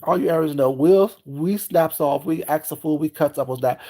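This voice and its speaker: Guy ranting to his viewers, lively storyteller vibe, slightly higher voice, salty and real. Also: brisk, few pauses. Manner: animated and expressive, acting out both sides of scenes; frank and salty, peppered with "you know what I'm saying". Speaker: food and lifestyle vlogger. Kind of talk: casual storytelling rant.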